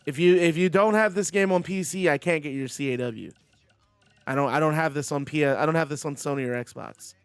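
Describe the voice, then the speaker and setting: Male streamer, high clear voice, play-by-play caller who chats to his viewers, dry close recording. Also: brisk, dry recording, soft background music. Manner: chatty, talks to viewers between calls. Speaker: video game streamer. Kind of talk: play-by-play wrestling game commentary.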